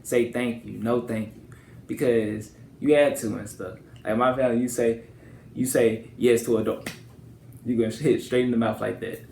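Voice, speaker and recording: A man's voice: medium pitch, fairly even intonation, normal speed, creaky, dark tone, roomy sound, slight background noise. A young man from Louisiana with a country accent, telling stories to camera in a loose, rambling way. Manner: loose, rambling, repeats "and stuff". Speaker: vlogger. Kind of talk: casual storytelling to camera.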